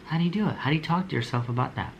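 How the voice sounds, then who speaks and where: A man's voice: fairly high pitch, racing, creaky, muffled recording, a little hiss or hum. A young man giving a motivational talk to small business owners, with a preachy, blunt delivery, slang, and slogans he repeats over and over. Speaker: motivational speaker.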